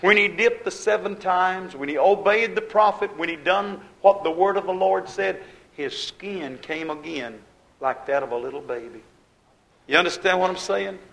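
Gravelly high-voiced preacher. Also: male voice, fairly bright tone, rough recording. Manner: rhythmic repetition, rising and falling emphasis. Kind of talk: sermon.

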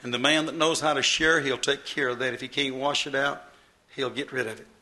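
A man's voice: medium pitch, steady tone, a little fast, bright, forceful tone. A man preaching a sermon in a folksy, emphatic way, repeating phrases to drive them home.

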